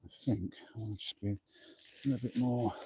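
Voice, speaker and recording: Huffing from exertion, a man from England chats his way through each chore on a nighttime outdoor camping livestream, often making fun of himself. His mid-range voice is brisk with fairly even intonation, and background noise can be heard.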